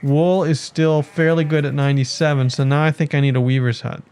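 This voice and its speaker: A man's voice: on the high side, flat delivery, brisk, darkish tone, clean tone. A man giving casual commentary on his city-building game, thinking aloud and chatting to his villagers as he plays. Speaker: let's play gamer.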